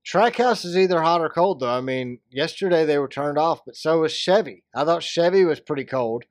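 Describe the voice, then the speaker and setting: A man's voice: a little high, animated, fairly quick, dry recording. Joking man with a dry close voice. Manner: joking, rambling, breaks into silly voices. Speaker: podcast co-host. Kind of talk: casual chat.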